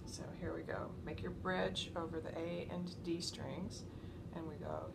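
A woman teaching a violin lesson, patient and encouraging, explaining each step slowly. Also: fairly low pitch, very animated, vocal fry, loud music behind the voice. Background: violin playing.

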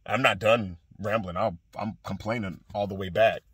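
A man's voice: lowish voice, steady tone, normal speed, a bit bright, a little hiss or hum. A young man ranting to camera in a profane, rambling, exasperated way. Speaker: soldier venting. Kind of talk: casual rant to camera.

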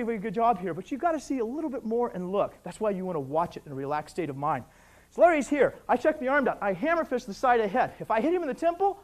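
An older man teaching a martial arts technique, talking intensely and emphatically and barking short counts as moves are shown. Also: sits high. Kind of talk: instructional commentary over technique footage.

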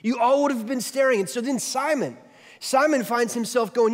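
A man preaching a sermon as pastor, telling a story in an animated way with quick swings from loud to soft. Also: high voice, big-room sound.

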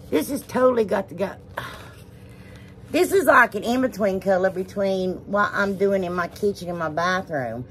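Rambling and gushing, an American crafts vlogger shows off her projects and keeps saying "y'all." She speaks at a normal speed in an expressive, mid-range voice that's a bit bright. There's a little hiss or hum.

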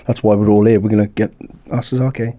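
A British man, a podcast guest, telling a lively anecdote in casual chat and acting out the dialogue. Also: on the low side, quick pace. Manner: lively anecdote-teller who acts out dialogue. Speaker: podcast guest, former bodyguard.

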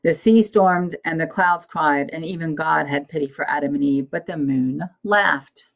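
A woman voicing the north wind, telling its tale gravely. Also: deep voice, normal speed, poor audio. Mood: solemn. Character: solemn, storytelling north wind.

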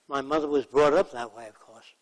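In a rough recording, a man lectures through stories, speaking briskly in a steady, medium-pitched voice. His anecdotes are plain and direct, and he acts out the quotes of the people he describes.

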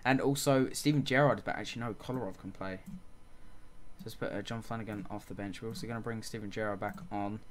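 A man's voice: lowish voice, steady tone, quick pace, slight background noise. A man giving casual let's-play commentary on a football management game, calling the action play by play and muttering frustrated asides. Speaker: gaming channel host.

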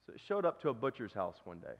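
A man's voice: fairly low pitch, big pitch swings, quick pace. A male pastor preaching a sermon in a conversational, self-deprecating way, telling a story. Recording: dull recording with long church reverb.

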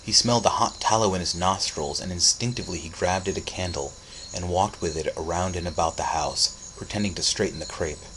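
Deep-voiced guy reading a spooky story aloud, steady and dramatic. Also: fairly quick, background noise. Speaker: narrator. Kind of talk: audiobook reading.

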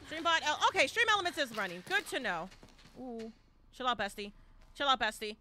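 A woman streaming a live game, talking fast and often in bursts, shouting and repeating herself as the game goes on. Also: sits high, a little hiss or hum. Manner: animated, exclaiming and shouting at the game; talks to chat and teammates, repeats phrases. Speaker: gaming streamer. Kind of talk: live gameplay commentary.

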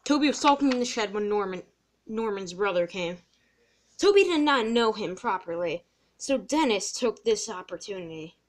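A woman's voice: medium pitch, very animated, moderate pace. Woman narrating a homemade toy-train story.

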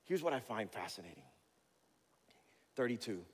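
A male pastor giving a sermon in a church, conversational and animated, with jokey storytelling. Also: fairly low pitch, moderate pace, long pauses, in a large hall. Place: church sanctuary.

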